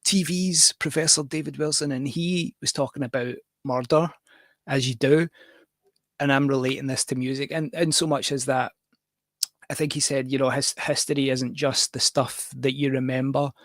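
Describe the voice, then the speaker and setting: A man's voice: mid-range voice, steady tone, normal speed, a bit bright, dry recording. A Scottish man hosting a casual livestream, talking in a rambling, jokey, self-deprecating way. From Scotland. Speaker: livestream host and musician.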